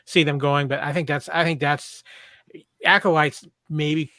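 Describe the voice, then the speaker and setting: A man's voice: on the high side, fairly even intonation, measured pace, bright, forceful tone, dry recording. A man co-hosting a podcast in casual chat, eager and speculative, stumbling over restarts. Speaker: podcast co-host.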